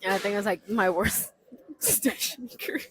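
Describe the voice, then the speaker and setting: A woman in her thirties tells a funny story as a podcast guest, talking casually and animatedly in non-native English grammar, laughing often and repeating herself. Her mid-range voice moves briskly, and the recording sounds rough.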